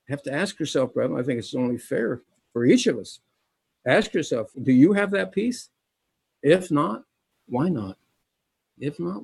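A man's voice: a little high, creaky, slightly rough, dry recording. A middle-aged man preaching a sermon, reading scripture aloud and repeating key phrases with emphasis, calling his listeners brethren.

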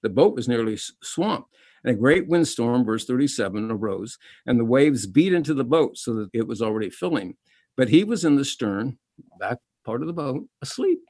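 A man's voice: mid-range voice, animated, normal speed, darkish tone, no room sound. A middle-aged man preaching a sermon, reading scripture aloud and repeating key phrases with emphasis, calling his listeners brethren.

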